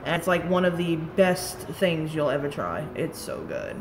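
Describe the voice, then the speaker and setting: A woman's voice: sits low, measured pace, noisy background. A woman, rambling and swearing casually as she chats on a live stream about beauty products. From Staten Island, New York. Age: late 30s.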